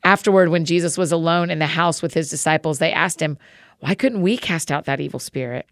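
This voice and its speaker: A woman reading scripture aloud in a measured, clear way. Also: low voice, no echo, clean studio sound. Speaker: Bible reader.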